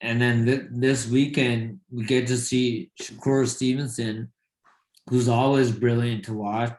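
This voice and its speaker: A man co-hosting a casual sports podcast, a former boxer who talks in halting bursts with many fillers and restarts. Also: mid-range voice, little pitch movement, darkish tone, echoey room.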